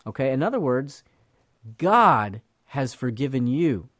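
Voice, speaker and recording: A man's voice: mid-range voice, sing-song, unhurried, fairly bright tone, no room sound, studio quality. A man giving a conversational Bible teaching in an earnest voice, often repeating words as he talks. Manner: earnest, repeats words, acts out quoted speakers.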